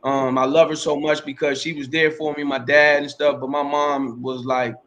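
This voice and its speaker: A man's voice: on the high side, flat delivery, moderate pace, fairly bright tone, slight background noise. A middle-aged man, a podcast host, telling his life story in a casual interview, rambling, repeating himself and using slang and profanity.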